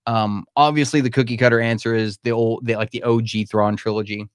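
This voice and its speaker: A man's voice: mid-range voice, fairly even intonation, fairly quick, clear, resonant tone, no room sound, studio quality. A man hosting a live-stream Q&A from his home, talking candidly and emphatically and calling listeners "man". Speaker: podcast host. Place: home room.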